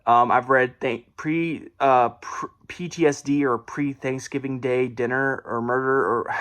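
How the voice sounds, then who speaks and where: A man's voice: medium pitch, a bit bright. A man casually reviewing a horror book at home, rambling, correcting himself and laughing often. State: briefly out of breath. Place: room at home.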